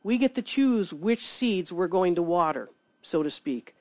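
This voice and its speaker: A woman preaching a sermon in an earnest, animated way, reading scripture between her points. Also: fairly low pitch, a little slow, dry recording.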